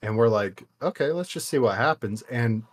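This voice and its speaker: A man's voice: mid-range voice, expressive, moderate pace. A young man co-hosting a podcast, telling a story in a loose, rambling way with casual swearing. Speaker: podcast co-host.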